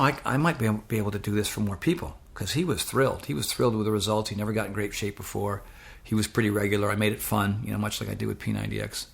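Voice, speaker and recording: A middle-aged man telling lively stories as an interview guest, acting out the voices of people he quotes. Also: on the low side, creaky. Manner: animated anecdote-telling, acts out quoted voices. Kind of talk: casual storytelling.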